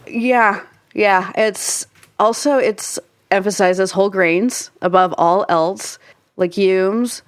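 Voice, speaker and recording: A young woman co-hosting a podcast, talking through her research in a loose, rambling way full of "like" fillers. Her voice sits at a middle pitch and sounds dry and close, with little room sound. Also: slow, no echo. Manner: chatty, explains at length with frequent "like" fillers and laughs. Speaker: podcast co-host. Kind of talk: casual podcast chat.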